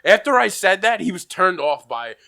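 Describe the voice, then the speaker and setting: A young man on a casual podcast, telling an animated story and acting out what people said. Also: high voice, moderate pace, vocal fry. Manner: animated storytelling, acts out quotes, laughs often. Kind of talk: casual chat.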